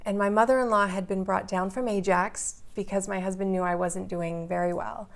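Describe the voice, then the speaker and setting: A woman in her forties speaks as an interview guest, recounting her own story in vivid, earnest detail. Her pitch sits at an ordinary middle height for a woman. She lets the intensity climb as the story unfolds. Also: steady tone, moderate pace, creaky.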